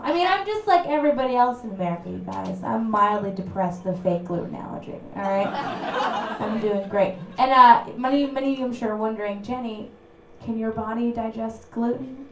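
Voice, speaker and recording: A woman's voice: fairly high pitch, brisk, noisy background. Brassy young woman doing stand-up. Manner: brassy, punchy delivery with sudden loud bursts. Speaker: stand-up comedian. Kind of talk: stand-up comedy set. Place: small apartment room with a live audience. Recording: echoey room recorded from far off. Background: audience laughter.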